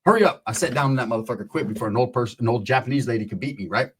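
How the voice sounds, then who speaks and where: A man telling a profane comic story in an animated way, acting out his characters. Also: mid-range voice, rapid-fire, a little hiss or hum. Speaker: comedian.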